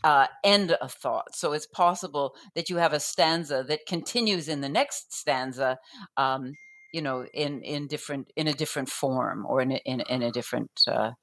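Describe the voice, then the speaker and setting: A low-voiced, slightly bright woman speaks at a normal speed as a poetry guest, conversationally explaining poetic form. She's thoughtful and chatty, full of ums and restarts, and taps out rhythms aloud as "da-dum."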